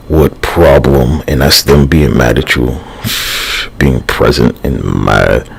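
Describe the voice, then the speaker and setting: A man with an extremely deep, gravelly voice talks at an unhurried, dragging pace. He rambles through a livestream monologue, swearing and using slang, sighing and trailing off between thoughts. Faint traffic sounds sit in the background. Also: expressive. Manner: meandering, profane, slangy, with frequent sighs and fillers.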